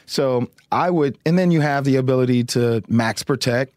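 A man's voice: mid-range voice, normal speed, darkish tone, no echo, clean studio sound. A man chatting casually about football, loose and slangy, often trailing off mid-thought. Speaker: guest analyst. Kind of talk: casual sports chat.

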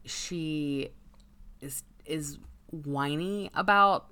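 A woman's voice: deep voice, drawn-out words, pushed and bright, smooth. A woman co-hosting a casual chat, talking frankly and swearing freely. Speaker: podcast co-host.

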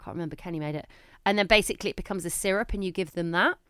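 A woman in her thirties co-hosts a casual podcast, telling stories with lots of energy and acting out quotes with big leaps in pitch. She talks at a racing speed in a clear, resonant voice, recorded clean in a studio with no echo.

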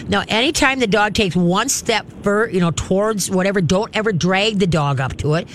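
Woman, call-in radio host; direct, animated, faint noise behind. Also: medium pitch. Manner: direct, animated, acts out cheerful praise voices. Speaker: radio show host and pet trainer.

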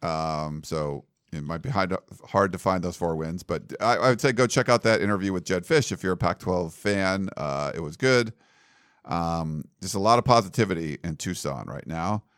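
A man with a lowish voice that rises and falls freely as he chats. He rambles through his points with plenty of likes and ums. The sound is close and dry, with no room around it. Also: lively intonation, normal speed, a bit bright, smooth, no room sound. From United States. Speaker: podcast host. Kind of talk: casual sports chat.

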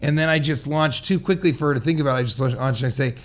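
A man's voice: a little high, rapid-fire. A man co-hosting a casual comedy podcast, rambling through a funny story and riffing on words. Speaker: podcast co-host.

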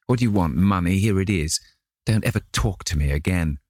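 A man voicing a bored, cynical young gentleman who talks in a languid, cutting way. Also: low-pitched, a little fast, no echo, studio quality. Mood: angry.

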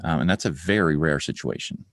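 Super deep voiced guy rambling about his work, lots of ums, dry close sound. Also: a little fast, fairly bright tone, no room sound. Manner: chatty, rambling with many fillers. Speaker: film music producer. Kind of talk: interview answers.

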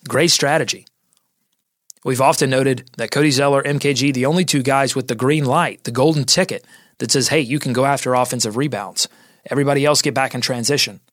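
A man hosting a basketball podcast, talking through game strategy and signing off with plugs for the show, energetic with quick asides. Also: mid-range voice, no echo. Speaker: podcast host. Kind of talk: sports podcast analysis.

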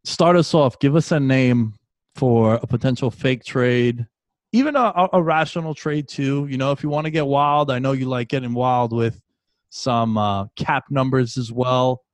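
Animated man hosting a sports talk show. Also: mid-range voice, normal speed, dry recording. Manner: loose, animated, jokey. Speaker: podcast host.

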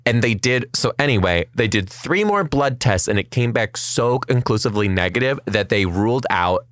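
A man casually telling a story on a chat podcast, animated and fast, swearing and acting out the people in it. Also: medium pitch, no echo.

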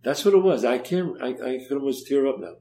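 A man's voice: mid-range voice, brisk. An older man telling stories in a conversational interview, acting out the dialogue as he goes and often repeating words. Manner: animated storyteller, acts out dialogue, repeats words. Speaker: guest.

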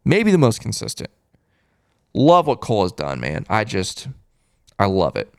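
A man's voice: fairly low pitch, wildly swooping pitch, a little slow, gravelly, a little mellow, dry recording, clean studio sound. A man hosting a casual live-stream postgame recap, chatty and thinking aloud as he reads through stats and repeats his reactions. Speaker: host of a fan postgame show.

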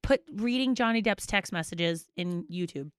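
Dry, animated woman podcast co-host. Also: fairly low pitch, moderate pace, clear, resonant tone, dry recording. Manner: animated, crude, acts out quotes in put-on voices. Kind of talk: casual comedic chat.

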